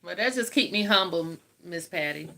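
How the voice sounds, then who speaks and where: A woman's voice: on the low side, expressive, moderate pace, vocal fry, bright, forceful tone. An older woman with a Southern US accent, chatting and telling stories to live viewers while she eats, laughing often. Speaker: host of a live eating stream. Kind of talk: casual chat with live viewers.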